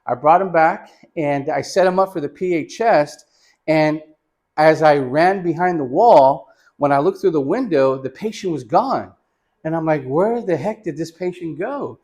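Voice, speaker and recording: A man with a fairly high voice teaches chest X-ray positioning in a relaxed, conversational way. He addresses his students as "you guys" and raises his voice to call breathing instructions to a patient. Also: a little slow. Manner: gives patient instructions loudly. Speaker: radiography instructor. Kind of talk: hands-on teaching demonstration and storytelling.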